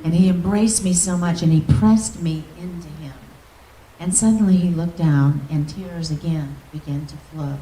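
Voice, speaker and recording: A woman minister telling an emotional testimony in a storytelling manner, often dropping to a soft, near-whispered voice. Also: on the low side, normal speed, a little hiss or hum. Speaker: guest minister. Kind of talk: testimony preaching. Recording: echoey hall, distant mic.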